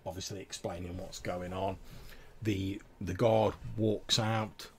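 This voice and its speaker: A man's voice: low voice, little pitch movement, slow pace, husky. A man narrating a tabletop game as game master, rambling through descriptions full of fillers.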